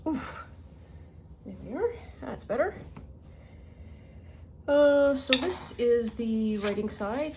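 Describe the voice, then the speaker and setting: A woman's voice: on the high side, animated, takes it slowly, long pauses, noisy background. A middle-aged woman telling rambling stories and muttering to herself as she works on a junk journal in a casual crafting vlog. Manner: rambling storyteller, muttering to herself while working.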